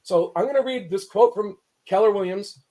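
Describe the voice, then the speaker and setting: Speaking at a moderate pace with a high, dark-toned voice, this real estate attorney from Southern California gives emphatic, fired-up commentary. He keeps interrupting himself to start his sentences over.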